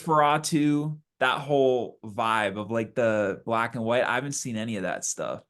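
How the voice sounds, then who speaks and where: A man's voice: mid-range voice, moderate pace, fairly bright tone. A young man chatting casually, laid-back and easygoing, with slangy speech. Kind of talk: casual chat.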